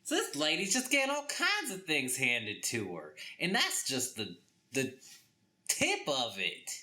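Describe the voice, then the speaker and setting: A young man with a Southern US accent ranting through a comic book review, exasperated and acting out characters in quick voices. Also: fairly high pitch, huge pitch swings, pushed and bright.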